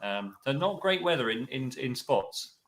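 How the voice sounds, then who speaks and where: A man co-hosts a casual livestream over a video call. He talks in a halting way, full of ums and repeated words, at an ordinary middle pitch. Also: very animated, a bit bright. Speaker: co-host.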